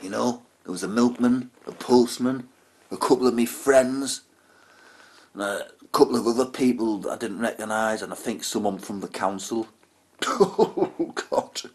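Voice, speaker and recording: A man's voice: mid-range voice, normal speed. A man telling a profane comic story, with chatty asides and laughter. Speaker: comedian.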